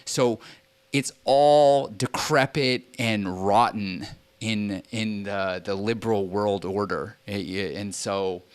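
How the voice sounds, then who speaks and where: A man with a low-pitched, resonant voice talks on a home stream. His delivery is a rambling, profane political rant, full of restarts and quoted exchanges he acts out himself. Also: clean tone.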